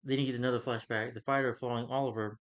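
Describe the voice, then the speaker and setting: Rapid-fire and steady in tone, a man with a mid-range voice casually rambles through episodes of a TV season for his video. He retells dialogue using many "he's like" and "you know" fillers, captured in a slightly dull lo-fi recording.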